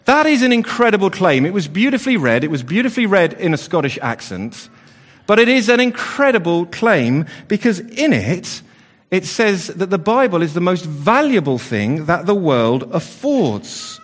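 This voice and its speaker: Here a man with a high, very animated voice talks at normal speed as he runs an all-age church service. Playful and chatty toward the children, he keeps using fillers and starting over, and the room gives a long church reverb.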